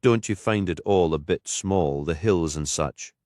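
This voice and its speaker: Man doing a Scottish woman detective, rich musical voice, teasing, deep, close dry sound. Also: measured pace, darkish tone, dry recording. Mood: wry. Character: sharp-tongued Scottish female detective inspector in her fifties. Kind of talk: audiobook character voice.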